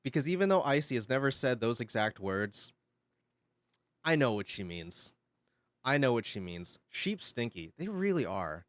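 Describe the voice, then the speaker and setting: A male streamer chats casually with his audience. His pitch swings widely as he tells his story, and he swears freely and laughs often. The sound is dry and close, with no room echo. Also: big pitch swings, normal speed. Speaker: livestreamer.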